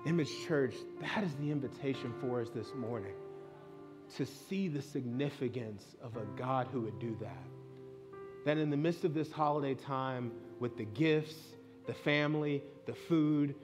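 A pastor in his thirties preaches to his church in an earnest, conversational voice of ordinary pitch, telling personal stories along the way. Soft instrumental music plays faintly behind him. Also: normal speed. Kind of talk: sermon. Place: church sanctuary.

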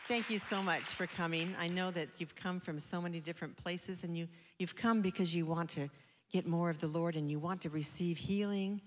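A woman, the conference founder, giving a gentle, gracious welcome from the stage. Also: on the low side, steady tone, normal speed, slight background noise.

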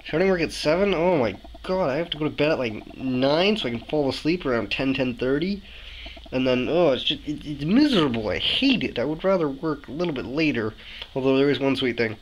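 A young man from Canada, telling a story to his camera indoors in an animated, exasperated way. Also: mid-range voice, a little hiss or hum, rough recording. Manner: animated, ranting, exasperated asides. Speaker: vlogger. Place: indoors, room with a window. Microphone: camera mic, talking to camera.

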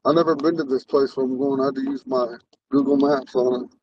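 A man's voice: medium pitch, fairly even intonation, brisk, far from the mic, highs cut off, slight background noise. A man with a lisp, a Ponca language teacher, talking in a rambling, earnest way while he drives. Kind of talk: casual talk while driving. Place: inside a car on the road.

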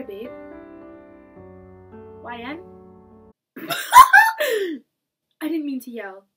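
Young female YouTuber, dramatic and shrieky, reads fan fiction over background music. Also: high voice. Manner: dramatic, shrieking and laughing in disbelief. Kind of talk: reading fan fiction aloud with reactions.

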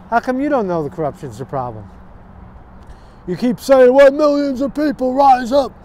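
A man's voice: high voice, a little mellow. A man ranting to camera outdoors on a city street, profane, sarcastic and combative. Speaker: vlogger. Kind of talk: angry political rant to camera.

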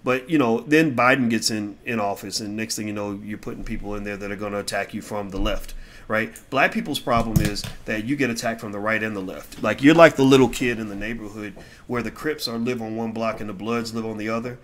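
A middle-aged man giving casual opinion commentary, answering viewer questions in a blunt, heated way that swings between loud outbursts and low mutters. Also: fairly quick.

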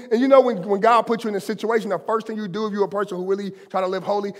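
Male pastor, high voice, passionate conversational sermon, church hall reverb. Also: steady tone, rapid-fire, hardly any pauses. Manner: impassioned, conversational preaching with colloquial asides. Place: church sanctuary.

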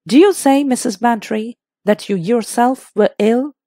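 A woman's voice: a little high, a little slow, dark tone, dry recording, studio quality, natural voice. A woman voicing a diffident, careful middle-aged male doctor explaining things step by step.

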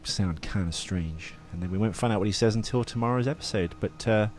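A man's voice: on the low side, fairly quick, a little mellow. A man hosting a podcast in casual chat, teasing and chatty, breaking into laughs often. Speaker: podcast host.

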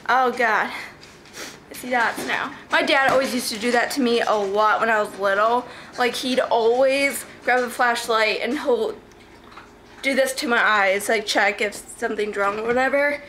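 A teenage girl vlogging outdoors in her yard, excitable and swearing a lot as she calls her dogs. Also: a little high, normal speed. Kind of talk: casual vlog. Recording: noisy outdoor ambience.

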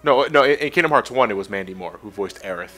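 A man co-commenting a let's play, animated and sarcastic, laughing often. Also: fairly low pitch, fast, soft background music. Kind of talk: casual gaming commentary.

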